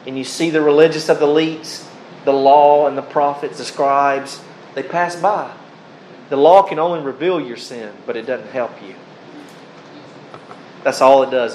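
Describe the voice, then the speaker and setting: A male preacher delivering a sermon, calling his listeners beloved and reading scripture passages aloud. He speaks in short, deliberate phrases with pauses between them. A faint air-conditioning hum sits behind his voice. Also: mid-range voice, darkish tone, low-quality recording.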